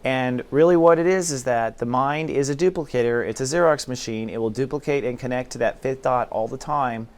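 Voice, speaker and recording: A man's voice: medium pitch, a little fast, few pauses, darkish tone. Casual man giving a spiritual talk. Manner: informal, plays out inner dialogues in quoted voices. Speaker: spiritual teacher.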